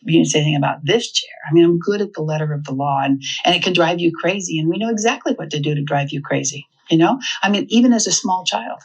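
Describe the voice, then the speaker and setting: A woman speaking to parents about raising children, lively and humorous, acting out little quoted exchanges. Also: on the low side, fast talker, hardly any pauses, slightly rough, poor audio. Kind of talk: talk to parents.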